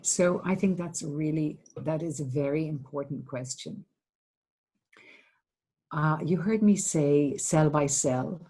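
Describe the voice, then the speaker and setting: A middle-aged woman therapist from Ireland giving a seminar talk, speaking gently and reflectively with hesitant restarts. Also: low voice, slow, slightly rough, rough recording. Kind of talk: seminar talk, answering a question.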